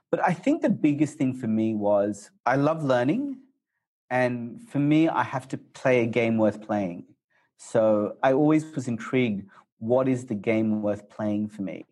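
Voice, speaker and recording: Excitable, quick-talking man being interviewed. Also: medium pitch. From Australia. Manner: excitable, quick, animated storyteller. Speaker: guest. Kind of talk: casual interview talk.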